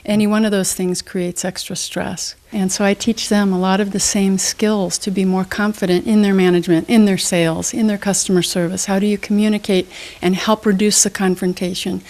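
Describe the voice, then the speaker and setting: Her delivery is flat and fairly quick, with few pauses, a medium pitch and a darkish tone. As a studio interview guest, this woman motivational speaker and trainer gives emphatic, schoolteacher-style answers framed around quiz questions.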